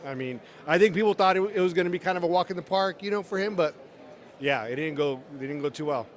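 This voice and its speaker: A man gives halting answers with a few dry jokes in a casual on-the-spot interview outdoors. His voice sits a little higher than most men's, and he often restarts his sentences. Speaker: interviewee at the event.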